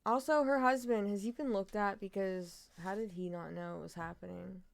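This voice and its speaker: A woman's voice: mid-range voice, steady tone, moderate pace, vocal fry. A woman co-hosting a casual chat and livestream, profane and jokey. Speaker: streamer and podcast co-host.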